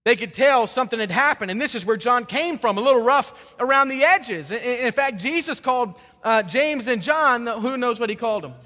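A man with a high, bright voice delivers a sermon, chatty and full of restarts and repeated words. He slips into quoted voices as he tells the story. His voice rings through a large reverberant hall. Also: expressive, brisk, few pauses. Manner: acts out quoted speakers in dialogue. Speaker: pastor.

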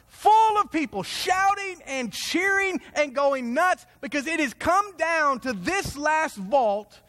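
A man preaches to his audience in a lively storytelling manner, his voice sitting fairly high for a man. He drops low and hushed, then climbs to excited peaks. A long hall reverb trails every phrase. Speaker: speaker telling a story to an audience.

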